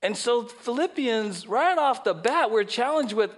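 A middle-aged man preaches to his congregation with a high, lively voice. He swings from loud, mocking put-on voices to quiet asides. The delivery is animated and conversational. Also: unhurried. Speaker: pastor. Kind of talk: sermon. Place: church sanctuary.

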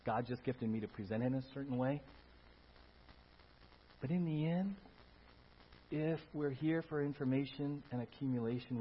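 A man preaching a sermon in church, talking in an animated way, rising to loud emphatic bursts and putting questions to the congregation. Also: mid-range voice, a little hiss or hum. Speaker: pastor. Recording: dull lo-fi sound.

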